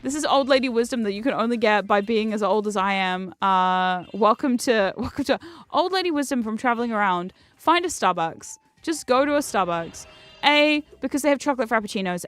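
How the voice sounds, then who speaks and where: A woman streaming a video game, chatting casually with a self-mocking humor and frequent laughs, jumping between loud outbursts and low asides. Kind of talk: casual chat while gaming.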